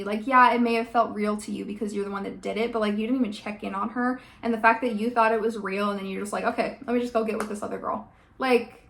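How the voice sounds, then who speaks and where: A woman's voice: on the high side, fairly quick, gravelly, a bit bright. Chatty young woman, fan vlog. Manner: chatty, filler-heavy, emphatic, fond of "like". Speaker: book and TV fan vlogger. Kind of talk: casual fan commentary, reading book passages aloud.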